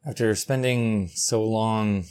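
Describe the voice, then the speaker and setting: A man in his thirties from North America hosting a solo podcast, talking casually, profanely and excitedly, jumping from loud bursts to quiet asides. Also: lowish voice, slow pace, clean tone. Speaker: podcast host.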